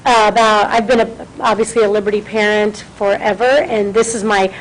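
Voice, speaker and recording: A woman's voice: medium pitch, fairly even intonation, brisk, a little hiss or hum, poor audio. A middle-aged woman, a city councilwoman, speaking as a guest at a school board meeting, chatty and self-deprecating, full of thanks. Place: meeting room.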